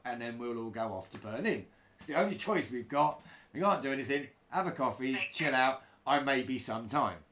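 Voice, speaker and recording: A middle-aged man casually telling a road-trip anecdote, acting out other people's voices. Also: medium pitch. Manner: animated, acts out broken-English voices of others. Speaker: storyteller recalling touring life.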